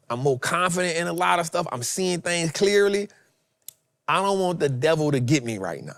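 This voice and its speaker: A fairly high-voiced man delivers a preachy motivational talk as host. He swings from loud bursts to hushed asides and leans on repetition. The sound is close and dry. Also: fairly quick, no room sound. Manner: animated, swings loud and soft, repeats phrases.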